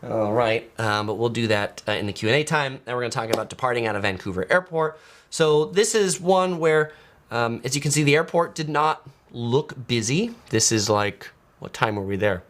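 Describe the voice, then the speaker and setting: A man's voice: mid-range voice, animated, normal speed, a bit bright. A man chatting casually as a travel vlogger, full of fillers and restarts, reading out viewer comments as he goes. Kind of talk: casual live-stream chat.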